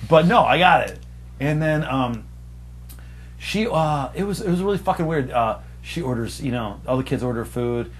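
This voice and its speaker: A young man with a husky, breathy voice tells a workplace story in casual podcast chat. He swears freely and swings into shrill, loud impressions of the customers and of himself. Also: normal speed. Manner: animated, profane, acts out customers in raised voices. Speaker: podcast co-host, server.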